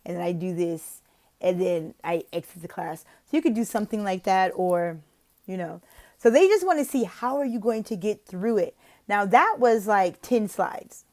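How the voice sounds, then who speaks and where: A woman explaining how to teach an online lesson, walking through slides in an expressive, animated way. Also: moderate pace. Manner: animated, expressive, slips into whispers and a high sing-song teacher voice. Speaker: online English teacher giving interview tips. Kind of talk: instructional talk with acted classroom demos.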